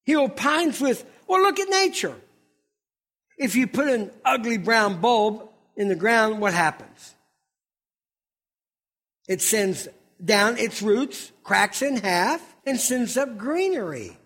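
A man's voice: sits high, animated, slow pace, a bit bright. A middle-aged man preaching a sermon as pastor, fiery and emphatic.

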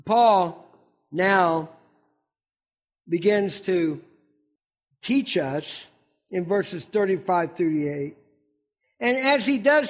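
A middle-aged man preaching a sermon as pastor, fiery and emphatic. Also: high-pitched.

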